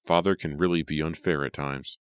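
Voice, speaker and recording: A man voicing a kind, polite teenage daughter in a storybook reading, with a gentle manner. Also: extremely low pitch, fairly even intonation, fairly quick, clean tone, no room sound, studio quality.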